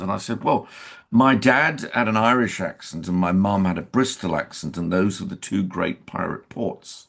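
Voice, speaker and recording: A man's voice: lowish voice, moderate pace, gravelly, fairly bright tone. An older man from England, an actor guest in a casual interview, telling anecdotes and acting out quoted dialogue.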